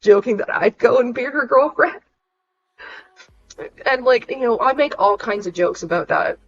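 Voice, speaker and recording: A woman's voice: a little high, expressive, normal speed, husky. Young woman, frank and ranting, casual stream talk, muffled lo-fi sound. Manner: blunt, frank, swears freely, ranting. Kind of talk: casual venting livestream.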